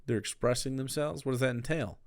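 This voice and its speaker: A man streaming live, giving casual, sarcastic, rambling commentary with animated bursts. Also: mid-range voice, brisk, dry recording, clean studio sound.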